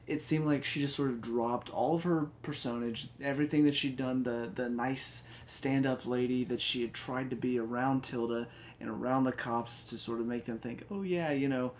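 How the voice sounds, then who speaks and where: A man rambles through a casual review of TV episodes in a chatty, enthusiastic way. His pitch sits in the middle of the male range. Faint noise hums underneath. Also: level tone, normal speed, hardly any pauses. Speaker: TV review vlogger.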